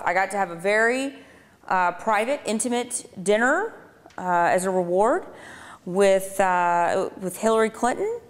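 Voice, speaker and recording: A woman's voice: medium pitch, measured pace. A woman in her thirties giving a conversational personal testimony to a live audience, with dry sarcastic asides. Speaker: public speaker. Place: lecture hall on a speaking tour. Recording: reverberant hall sound.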